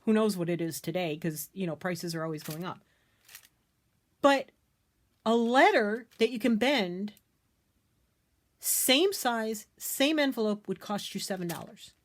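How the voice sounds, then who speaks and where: A middle-aged American woman vlogging from her craft space, telling an animated, indignant story with emphatic repetition. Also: medium pitch, unhurried, pauses often. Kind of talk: casual ranting story to camera.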